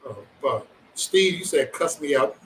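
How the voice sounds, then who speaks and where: A man's voice: on the high side, lively intonation, a little slow, fairly bright tone, recorded from a distance, a little hiss or hum, rough recording. A man hosting a livestream, chatting casually with viewers in profane, rambling banter and joking threats. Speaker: livestream host.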